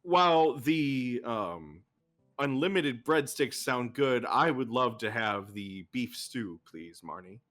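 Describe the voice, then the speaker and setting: Woman playing a slow, polite young traveler. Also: extremely low pitch, expressive, soft background music, exaggerated voice. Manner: slow, hesitant, full of ums. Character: polite, soft-spoken young man traveler.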